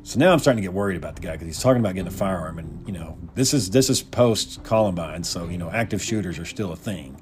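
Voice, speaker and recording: A man's voice: deep voice, animated, quick pace, few pauses, soft background music. A man casually telling a personal story in a loose, profane way, often repeating words.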